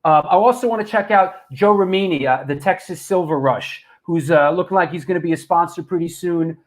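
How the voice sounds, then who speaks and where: A man's voice: fairly high pitch, fairly quick. A man hosting a casual livestream chat over a video call, laid-back and speaking in short interjections. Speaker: host.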